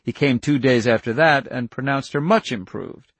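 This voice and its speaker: A man narrating an audiobook in a measured, even storytelling manner. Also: mid-range voice, breathy edge, no room sound. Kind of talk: scripted narration.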